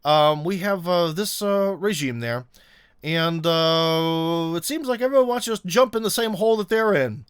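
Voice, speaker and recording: A man's voice: on the high side, expressive, normal speed, smooth, no echo, studio quality. A man hosting a casual political commentary monologue, rambling with many fillers and restarts, and often sarcastic.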